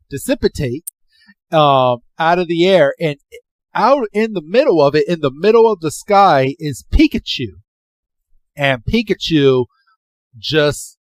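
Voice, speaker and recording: A man's voice: on the high side, no echo. A man hosting a podcast, casually recapping a cartoon episode in a loose, slangy storytelling way, acting out the characters' quotes. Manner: animated storyteller, acts out quotes, frequent "he's like"; loose and slangy, many "um" fillers. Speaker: podcast host.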